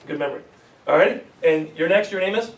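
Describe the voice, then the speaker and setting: Lively joking man teaching a sales seminar. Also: sits high, fast talker. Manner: energetic, joking, laughs often at his own stories. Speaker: real estate sales trainer. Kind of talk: live sales seminar talk. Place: meeting room with a live audience. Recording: echoey room, mic far off.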